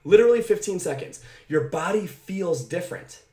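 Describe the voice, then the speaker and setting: Talking straight to camera, this male mindset coach is out of breath yet energetic, driving each point home and asking "right?" again and again. The voice sits slightly high for a man at a moderate pace, and a camera mic picks up clear echo in the room.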